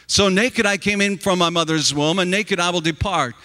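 A man's voice: high voice, normal speed, bright, forceful tone, in a large hall. A preacher voicing a solemn man resigned to loss.

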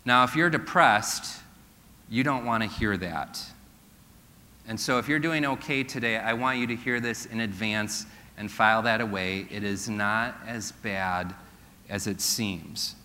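An earnest male preacher with a bright, forceful voice. He drops to a slow hush for his key points. His sermon rings out with a long reverb from the church hall. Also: lowish voice. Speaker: pastor.

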